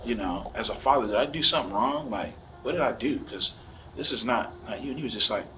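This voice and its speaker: A man's voice: mid-range voice, fast, fairly bright tone. A middle-aged man being interviewed as a father, telling a story in a rambling, emotional way. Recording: dull lo-fi audio with faint noise.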